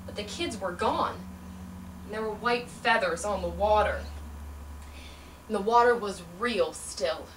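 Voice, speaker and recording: A woman's voice: mid-range voice, a bit bright, a little hiss or hum, close to an everyday voice. A young woman in an audition, playing a shaken young woman who tells a painful memory in plain, colloquial, earnest speech. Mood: hushed, grieving. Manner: plain, colloquial storytelling with earnest halting phrasing. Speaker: auditioning actor. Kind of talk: audition monologue, dramatic. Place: audition room. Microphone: far camera. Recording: echoey room from a distance.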